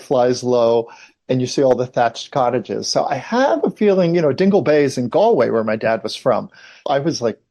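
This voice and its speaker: A man in his fifties speaks as an interview guest, at a plain middle pitch. He wanders through long memories in loose, conversational sentences. His talk is full of little asides and restarts as one story leads into the next. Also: darkish tone. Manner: rambling anecdotal storyteller, many asides. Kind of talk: casual interview chat.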